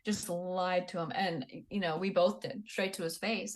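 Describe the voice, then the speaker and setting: The Army veteran in her twenties talks on a podcast at normal speed, her voice on the low side and steady. Her casual, candid storytelling is blunt and profane, and she acts out quoted people.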